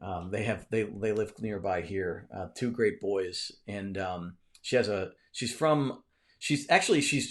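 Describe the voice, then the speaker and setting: A man hosts a casual live stream from his home. His voice sits somewhat low, and he talks in a loose, rambling way, full of fillers and restarts, as he answers comments. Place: cluttered home room mid-move.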